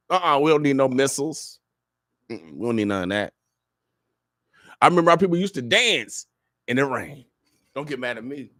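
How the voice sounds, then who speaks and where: A man's voice: medium pitch, a bit bright, no echo, clean studio sound. A man giving a fiery, preacher-like radio monologue full of repeated phrases. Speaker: radio show guest speaker.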